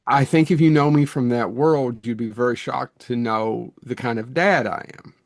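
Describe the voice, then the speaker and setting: A man's voice: mid-range voice, normal speed, dry recording, studio quality. A middle-aged man co-hosting a podcast, talking in a rambling, self-deprecating way that often restarts mid-thought. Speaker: podcast co-host. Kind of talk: casual chat.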